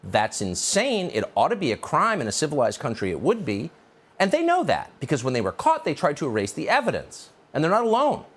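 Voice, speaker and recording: A man's voice: a little high, huge pitch swings, fairly quick, slightly rough. A man hosting a news commentary show, delivering a sarcastic, indignant opinion monologue.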